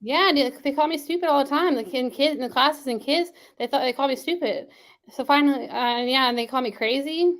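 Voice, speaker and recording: A woman's voice: high voice, brisk. A woman being interviewed as a guest, rambling with many restarts and fillers. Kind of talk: casual interview talk.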